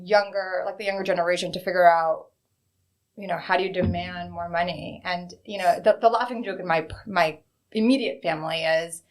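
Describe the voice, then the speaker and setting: A woman in her thirties, a bank executive, frankly telling stories from her career as an interview guest. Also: fairly low pitch. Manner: frank, conversational storytelling. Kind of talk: candid interview answers.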